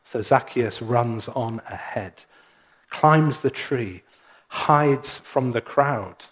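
A male minister preaches a sermon in his church, delivering it slowly and deliberately with pauses. His voice is mid-range.

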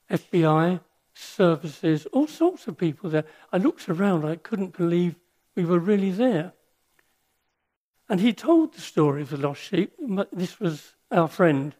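Slow, earnest older man preaching. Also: fairly high pitch, mellow. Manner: slow, earnest and reflective, with pauses and restarts. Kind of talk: sermon with personal stories.

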